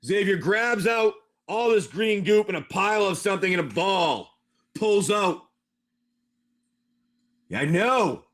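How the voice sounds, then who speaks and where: A man's voice: high voice, lively intonation, measured pace, long pauses, a bit bright. A man running a tabletop game on a live stream, narrating each move play by play. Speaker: game master.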